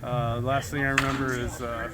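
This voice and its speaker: Middle-aged dad and coach, choked-up storyteller, music loud underneath. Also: male voice, mid-range voice, level tone, brisk. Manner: warm, moved, storytelling. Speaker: coach, father of the drafted player.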